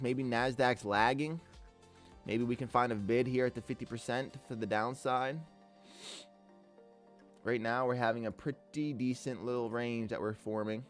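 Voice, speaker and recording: A male day trader live-streams his trades with a mid-range voice, laid-back and upbeat, giving commentary and shouting out chatters by calling them king and brother.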